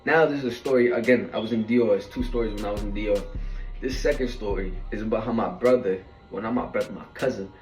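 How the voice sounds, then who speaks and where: A man's voice: lowish voice, fast talker, a little mellow, reverberant. Man, casual storyteller, slangy and rambling; distant mic, faint music underneath. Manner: slangy, rambling, heavy fillers.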